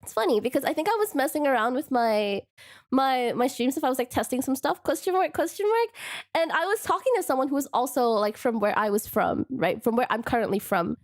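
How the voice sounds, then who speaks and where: A bubbly young woman streams live and chats with her viewers. She has a non-native English accent, and her high voice swoops up and down. She giggles through casual banter at a desk mic. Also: lively intonation, fairly quick. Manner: bubbly, giggly, says "question mark" as a verbal tic. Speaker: VTuber streamer.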